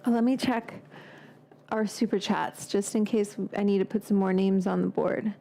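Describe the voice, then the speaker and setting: A woman's voice: mid-range voice, steady tone, moderate pace, gravelly, mellow. A woman hosting a cooking live stream from a home kitchen, talking in a loose, rambling, chatty way with casual swearing and drifting off onto tangents.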